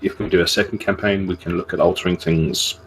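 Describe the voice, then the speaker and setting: Man, low voice, dry sarcasm, calm explainer, gaming chat. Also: fairly quick, slightly rough, poor audio. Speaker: gamer organizing a team campaign.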